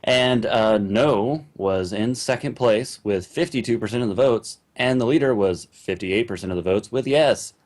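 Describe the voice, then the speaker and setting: Low-voiced, playful podcast co-host man. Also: moderate pace, hardly any pauses, a little mellow. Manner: joking, playful. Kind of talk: casual podcast chat.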